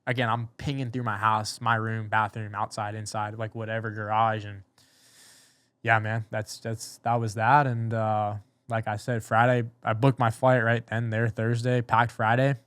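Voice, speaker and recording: A man in his twenties, a podcast guest, telling a story in an animated, rambling way full of slang. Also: fairly low pitch, normal speed, dry recording. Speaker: podcast guest, motocross racer. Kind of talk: casual storytelling.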